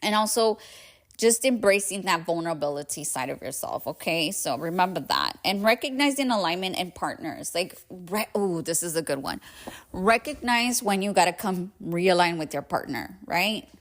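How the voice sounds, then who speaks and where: A woman's voice: on the low side, animated, moderate pace. A woman hosting a solo podcast, talking candidly and emphatically, with frequent fillers and some swearing, a bit congested. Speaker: podcast host. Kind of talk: casual solo podcast monologue.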